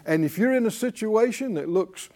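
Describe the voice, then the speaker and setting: Here a pastor preaches with a high-pitched, slightly mellow voice, lively intonation and a moderate pace. He presses his points harder and harder, and the congregation answers back in emphatic call-and-response.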